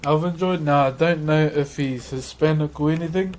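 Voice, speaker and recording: A man's voice: on the high side, moderate pace, darkish tone, slight background noise. A man with a New Zealand accent chatting casually on a livestream while woodcarving, laid-back and laughing often as he greets his chat.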